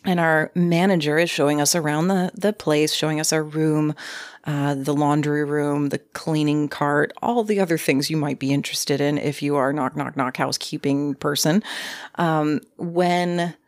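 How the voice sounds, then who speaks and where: A woman with a low, dusky voice tells a spooky tale in a loose, chatty way. She leans into the drama, mimicking creaks and voices with big swings. The sound is close and dry, with no room around her. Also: moderate pace, no echo. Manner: animated, acts out creaks and quoted voices. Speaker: storyteller. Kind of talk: casual spoken ghost story.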